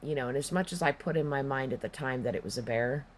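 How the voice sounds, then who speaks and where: A man's voice: medium pitch, fast, a little hiss or hum. A man telling a personal story in a rambling, profane, emphatic way, with casual spoken delivery. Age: adult, past his teens.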